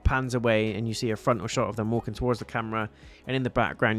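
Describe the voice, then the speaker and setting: A man's voice: medium pitch, flat delivery, fast, few pauses, faint music behind. A man giving a casual spoken review of a TV episode, recapping scenes in a chatty way and loosely paraphrasing the characters' lines.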